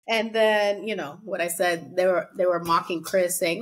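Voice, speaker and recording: A woman co-hosting a casual podcast, recapping a reality show and acting out quotes in lively voices. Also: lowish voice, a little slow. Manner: chatty, acts out quotes in animated voices. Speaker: podcast co-host.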